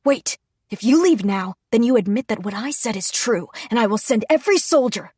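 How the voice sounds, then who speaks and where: A woman's voice: on the high side, expressive, fairly quick, a little mellow, slightly rough, dry recording, clean studio sound. A woman voicing a hotheaded young prince who stammers and blusters defensively. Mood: blustering.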